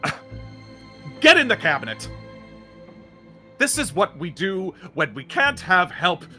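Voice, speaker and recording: A man's voice: high-pitched, big pitch swings, unhurried, sharp tone, soft background music, voice pushed up, full character voice. A man voicing a fussy, pompous male stage magician who talks in a theatrical, scolding way. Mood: showy, put-upon. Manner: theatrical, scolding, grandly apologetic.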